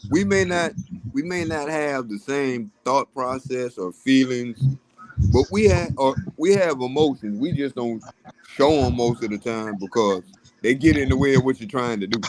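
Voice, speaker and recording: A man's voice: mid-range voice, moderate pace, darkish tone, slight background noise, poor audio. A man in casual conversation, blunt and opinionated, swearing freely. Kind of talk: casual chat.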